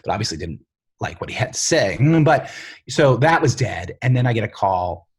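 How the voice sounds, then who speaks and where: A middle-aged man, a TV writer and showrunner, telling stories in a casual interview, lively and full of fillers, acting out the voices of other people. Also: mid-range voice, moderate pace, breathy edge. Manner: animated, filler-heavy storyteller who acts out quoted voices.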